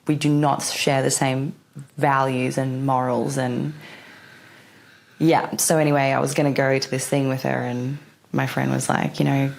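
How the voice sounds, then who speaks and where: Woman, low voice, gravelly, casual chatty vlog, laughs and swears. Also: little pitch movement, moderate pace. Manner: acts out her own remarks in a raised voice. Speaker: spiritual vlogger. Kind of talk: casual chat to camera.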